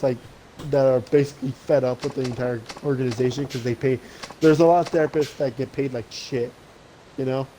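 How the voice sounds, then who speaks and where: A man's voice: mid-range voice, warm tone, slight background noise, poor audio. A young man streaming, chatting casually as he games, rambling with lots of swearing and restarts. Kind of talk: casual gaming chat.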